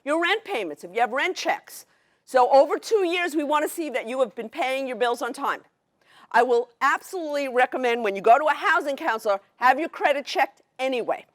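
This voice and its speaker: A middle-aged woman with a Brooklyn accent, giving an excited, fast-paced educational presentation to a workshop audience. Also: sits high. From New York City. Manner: fast, excited, New York directness.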